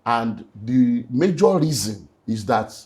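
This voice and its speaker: A middle-aged man with a Nigerian accent, a pastor giving an earnest personal testimony in conversation, slipping into Pidgin and moving between hushed and emphatic speech. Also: mid-range voice, lively intonation, slow. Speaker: pastor, guest.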